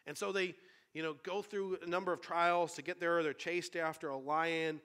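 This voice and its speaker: A man's voice: on the high side, fairly even intonation, normal speed, sharp tone. A man preaching a sermon, retelling a story in an earnest, conversational way.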